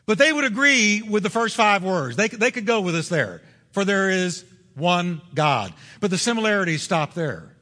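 A man preaching a sermon as pastor, driving points home with repetition and slowing down on key words. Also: high-pitched, sing-song, sharp tone, long reverb tail.

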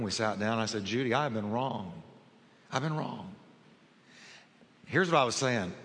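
A man's voice: mid-range voice, fairly bright tone, in a large hall. A man preaching a sermon, telling a personal story and acting out the dialogue in it. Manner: storytelling, acts out quoted dialogue. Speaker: pastor.

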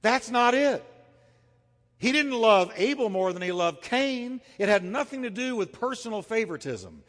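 A man's voice: high-pitched, expressive, moderate pace, a bit bright, in a large hall. A man preaching a sermon as pastor. He talks emphatically, repeats his phrases and has the congregation say lines back to him.

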